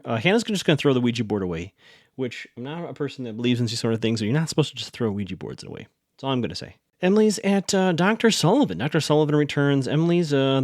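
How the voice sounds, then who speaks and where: A man's voice: mid-range voice, no room sound, clean studio sound. A man hosting a podcast, recapping a TV episode in a chatty, rambling way and often correcting himself. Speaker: podcast host.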